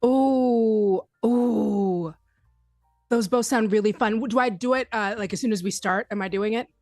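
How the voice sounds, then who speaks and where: An excitable woman player chats eagerly on a tabletop game stream. Her voice sits a little high. The sound is dry, with faint music in the background. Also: a little slow, no echo. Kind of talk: casual live-stream chat.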